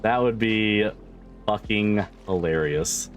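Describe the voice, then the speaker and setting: Low-voiced man chatting with stream viewers. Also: takes it slowly, highs cut off, faint music behind. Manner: swears freely and laughs often while reading chat. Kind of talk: casual chat with livestream viewers.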